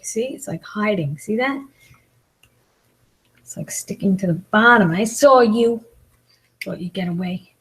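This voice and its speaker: She has a medium-pitched voice with a breathy edge, and the audio is poor. A woman in her forties, she's a comedian and mukbang vlogger chatting casually over food on a live stream, complaining and making fun of herself.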